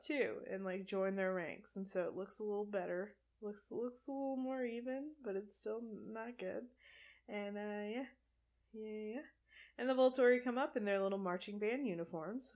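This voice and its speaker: A woman casually recapping a film plot, chatty and wry, often laughing as she goes. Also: mid-range voice.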